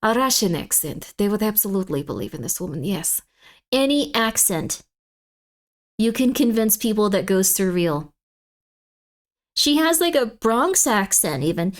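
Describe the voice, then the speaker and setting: A woman's voice: medium pitch, expressive, normal speed. A woman streamer chatting casually on a livestream, rambling and playfully emphatic.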